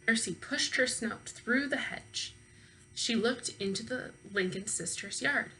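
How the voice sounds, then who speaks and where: A woman teacher reading a children's book aloud expressively, pausing to ask her young listeners questions. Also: fairly high pitch, bright, forceful tone, slight background noise, poor audio.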